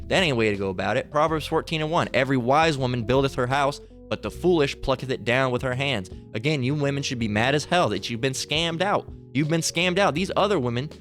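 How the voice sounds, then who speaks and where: A man delivers a heated preaching monologue, fiery and insistent. He trips over his words and restarts again and again. Faint music plays underneath. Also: medium pitch. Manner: fiery, repetitive, with many restarts.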